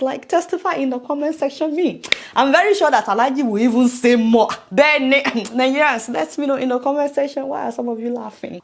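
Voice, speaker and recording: Animated woman commentating to her viewers. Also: a little high. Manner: animated, exclaiming, addresses viewers directly. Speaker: political commentary host. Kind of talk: casual commentary to camera.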